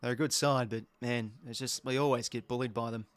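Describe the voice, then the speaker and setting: An Australian man hosting a live football watch-along, talking as an excitable, sweary fan who reacts to each play. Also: medium pitch, fairly quick, clear, resonant tone. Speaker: host.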